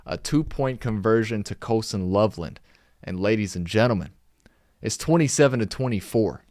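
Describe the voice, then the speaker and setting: A man's voice: on the low side, darkish tone, no echo, studio quality. A young man hosting a casual live-stream recap, reading from his notes and firing off exasperated rhetorical questions. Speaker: podcast host recapping games.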